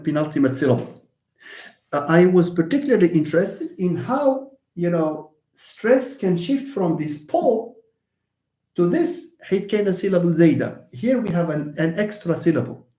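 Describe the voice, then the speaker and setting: A man's voice: fairly high pitch, warm tone. A man giving a live English lesson, explaining and repeating words and answering viewer questions. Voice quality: switches between English and Moroccan Arabic. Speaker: English teacher. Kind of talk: live online lecture. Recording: echoey room.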